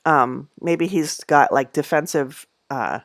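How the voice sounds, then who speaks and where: A middle-aged woman talks casually to her viewers from home, rambling along with plenty of fillers and soft laughs. Her voice sits on the low side for a woman and is recorded dry and close, with no room echo. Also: slow. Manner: coos in a high voice at her cats. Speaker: knitting channel host. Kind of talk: casual livestream chat.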